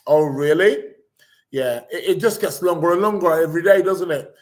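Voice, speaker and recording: Sarcastic and rambling, a podcast host from England goes through news items on a live, casual show, stumbling over fillers and restarts. He has a fairly high pitch and a moderate pace.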